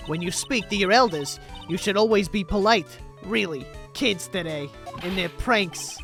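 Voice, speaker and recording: A woman's voice: mid-range voice, normal speed, fairly bright tone, close to an everyday voice. A woman voicing a cranky, nosy old woman who scolds youngsters, with faint game music behind. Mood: scolding. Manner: haughty, scolding.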